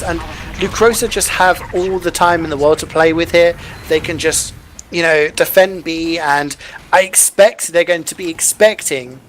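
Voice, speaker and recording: A male esports caster giving relaxed, analytical color commentary with casual asides and jokes. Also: high voice, slight background noise. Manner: chatty, jokey, lots of "you know".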